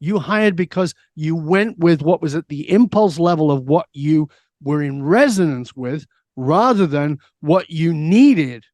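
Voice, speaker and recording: A middle-aged man, a guest on an interview, telling stories in a lively way and answering his own questions. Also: on the high side, a little slow, no echo. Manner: lively storyteller who asks himself questions and answers them. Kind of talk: storytelling in a conversational interview.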